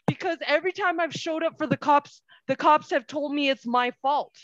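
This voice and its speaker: A woman in her forties with a high voice, telling her stories with animated back-and-forth. The recording is dry and a little dull. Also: moderate pace, no room sound. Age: 40s. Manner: animated storytelling with quoted exchanges. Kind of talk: casual conversation. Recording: dull lo-fi sound.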